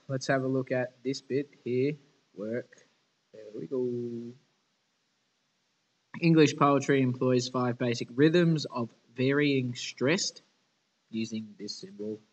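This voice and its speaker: A man's voice: medium pitch, rough recording. A male teacher giving an informal lesson, casual, chatty and frank.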